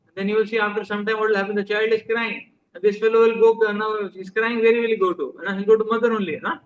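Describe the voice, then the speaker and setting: A spiritual teacher with an Indian accent delivers a conversational sermon to a live audience, often putting questions to his listeners and slipping into Hindi. His voice is high-pitched and fast, with a level tone, and the recording has its highs cut off.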